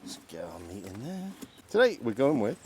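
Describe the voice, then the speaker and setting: A man's voice: medium pitch, huge pitch swings, moderate pace, noisy background. A man hosting an outdoor cooking vlog, chatty and self-deprecating as he talks through each step. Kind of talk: casual cooking vlog narration. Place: outdoors in woodland.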